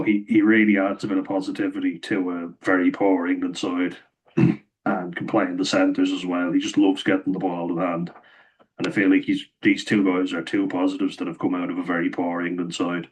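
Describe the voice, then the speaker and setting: Irish lad chatting rugby, low steady voice, bit hoarse, laughs a lot. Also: male voice, low-quality recording. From Ireland. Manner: chatty, laughs often, opinionated banter. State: slightly hoarse, losing voice. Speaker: rugby pundit vlogger. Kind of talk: casual rugby commentary.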